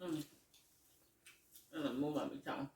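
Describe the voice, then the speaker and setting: A woman's voice: sits low, fairly even intonation, moderate pace, darkish tone, far from the mic. Chatty mother talking over dinner. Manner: chatty, laughing, chewing between words. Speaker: mother hosting a family mukbang. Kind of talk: casual family chat while eating. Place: home dining area. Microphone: phone set at a distance. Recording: echoey room, phone mic away from her, faint noise.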